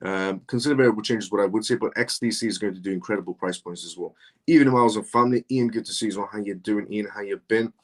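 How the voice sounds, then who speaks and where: Male live-stream host, lower voice, casual chat, repeats greetings to each viewer. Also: quick pace. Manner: repetitive greetings, conversational.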